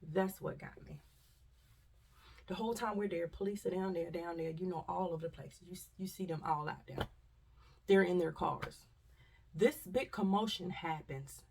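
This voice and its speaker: A woman's voice: on the low side, normal speed, creaky, far from the mic, a little hiss or hum. A woman vlogger, telling a story casually and animatedly, acting out voices and dropping to whispers.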